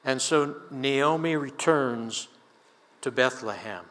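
An older man delivers a sermon, mixing scripture with a folksy personal story told with easy chuckles. His voice is bright and forceful. The sound rings with the long reverb of a large church sanctuary. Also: medium pitch, slow pace. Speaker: preacher.

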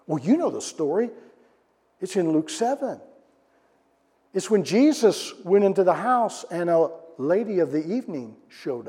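A man delivers a sermon in an animated way, often asking the congregation questions. His voice sits high but has a dark, mellow tone. The sound rings with the long reverb of a large church hall. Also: slightly rough. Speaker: pastor.

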